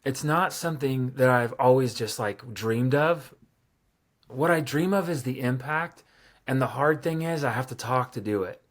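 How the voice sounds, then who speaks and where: Animated man telling stories in an interview. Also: medium pitch, normal speed. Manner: animated, self-deprecating, many fillers. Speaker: podcast guest. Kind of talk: casual storytelling interview.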